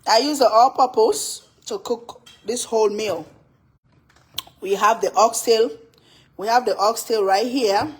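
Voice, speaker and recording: A middle-aged woman talks through her cooking stream at home with a teasing, chatty ease. She laughs easily and keeps the banter going with her viewers. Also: medium pitch. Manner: chatty, playful, laughs often. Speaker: cooking channel host. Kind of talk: casual livestream cooking chat.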